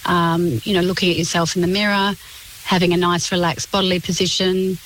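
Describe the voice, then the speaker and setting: A woman, a communications specialist answering on a radio interview in a clear, explanatory, measured way. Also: lowish voice, little pitch movement, a bit bright, a little hiss or hum, poor audio.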